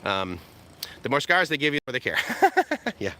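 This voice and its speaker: Male vlogger, chatty and joking, very bright tone, faint traffic hum outside. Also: medium pitch, sing-song, normal speed. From USA. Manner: rambling, joking, chuckling often. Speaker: vlogger, live-stream host. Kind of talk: live walk-and-talk chat. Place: outdoor seaside walkway. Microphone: camera on a selfie stick.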